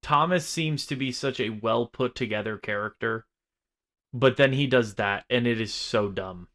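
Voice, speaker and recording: A man with a medium-pitched, slightly bright voice co-hosts a casual film review podcast at a moderate pace. He rambles and swears freely while airing his gripes.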